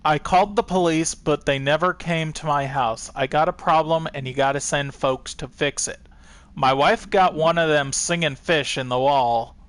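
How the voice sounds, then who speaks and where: A man voicing an upset rural letter writer in a put-on Texan accent, reading quickly in a folksy, agitated way. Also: on the high side, fairly bright tone, no echo, natural voice. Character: upset rural man complaining about haunted fish.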